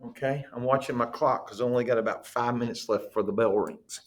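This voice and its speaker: A man's voice: mid-range voice, fairly even intonation, a little fast, reverberant, noisy background. A man teaching a class, explaining patiently and checking in with the students. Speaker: Greek teacher. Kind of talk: classroom lecture.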